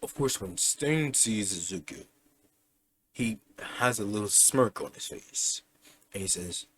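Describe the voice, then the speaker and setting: A man's voice: on the low side, expressive, a little slow, fairly bright tone, slight background noise. A young man casually improvising a fan story aloud, rambling and correcting himself as he goes. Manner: rambling, self-correcting, chatty.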